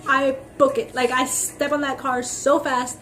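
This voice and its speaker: A young woman with a high, unhurried voice vlogs to her camera, faint music playing behind her. Her casual rant rambles along with lots of "like" and "freaking," and she acts out the others' parts as she animatedly tells her stories.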